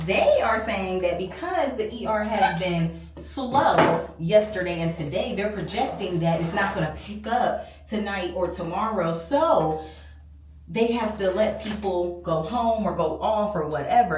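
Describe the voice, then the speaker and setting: A woman's voice: medium pitch, distant mic. Young woman venting to her phone cam, acts out what people said, little bit of hum behind. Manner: venting, animated storytelling with quoted dialogue. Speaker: vlogger. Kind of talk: casual vlog talk to camera. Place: in a car and a hotel.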